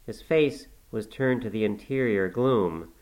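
A man reads a classic novel aloud at a measured, unhurried pace. His voice sits on the low side and slows for descriptive passages. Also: a little mellow, poor audio. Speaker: audiobook narrator.

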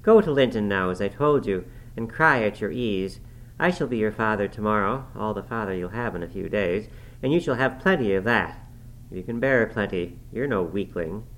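A man's voice: lowish voice, animated, moderate pace, a bit bright, a little hiss or hum, poor audio. A man voicing Heathcliff, a brooding, cruel middle-aged man who speaks in grim, menacing threats.

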